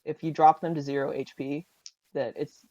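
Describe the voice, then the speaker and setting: A man's voice: fairly high pitch, little pitch movement, moderate pace, mellow, no echo, muffled recording. A man running a tabletop game as game master, laughing often through rambling rules explanations.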